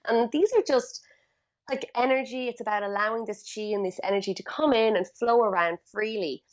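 A woman guest on a podcast interview, explaining feng shui in a chatty, animated storytelling way with many fillers. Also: fairly high pitch, fairly quick, highs cut off.

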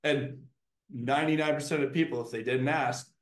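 A man hosts a podcast in a loose, chatty way, spinning stories with animated asides. His voice sits at an ordinary middle pitch. The room around him rings with noticeable echo. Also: moderate pace. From Canada. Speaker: podcast host. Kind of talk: casual interview chat. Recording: roomy echo.

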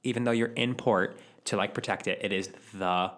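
Low-voiced man telling stories casually. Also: steady tone, moderate pace, a bit bright. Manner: loose, swearing, breaks into laughter. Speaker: podcast co-host. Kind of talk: casual chat, storytelling.

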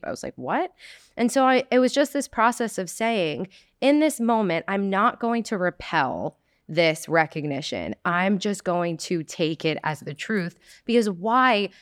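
Woman host, New Jersey accent, expressive, dry close mic. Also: medium pitch, clear, resonant tone, dry recording. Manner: expressive, draws out her words. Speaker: podcast host. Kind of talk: casual interview chat.

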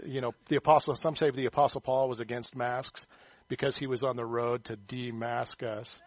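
A man delivers a conversational sermon at a middle pitch, folding scripture reading into friendly asides and corny jokes. The recording is dry and a bit muffled, with no room sound. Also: normal speed, no echo. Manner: conversational, animated, self-deprecating humor. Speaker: pastor.

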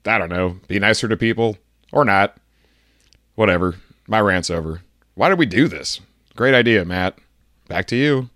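A man with a somewhat low voice delivers a comedic rant, sarcastic and mock-indignant. The recording is dry, with no room sound. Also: expressive, normal speed, pauses often, a bit bright, no room sound. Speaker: podcast segment guest.

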